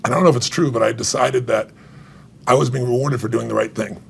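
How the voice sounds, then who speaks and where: A middle-aged man, an author being interviewed, telling an emotional story with animated retold dialogue and frequent laughs. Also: mid-range voice, fast talker, vocal fry, slight background noise. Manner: animated, acts out quoted dialogue, laughs often. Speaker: author and guest.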